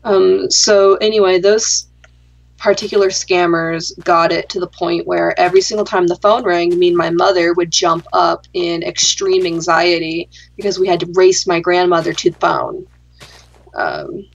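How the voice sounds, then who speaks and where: A young adult woman with a low, gravelly voice that sinks into vocal fry, chatting casually while she plays. She tells a story in a dry, sarcastic way and swears without hesitation. The recording sounds dull and lo-fi. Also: normal speed. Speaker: gaming channel host.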